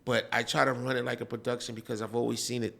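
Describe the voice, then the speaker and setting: Gravelly New man hosting a chat. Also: mid-range voice, flat delivery, fast, fairly bright tone. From Queens, New York. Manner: rambling storyteller, lots of "you know". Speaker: host. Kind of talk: casual interview chat.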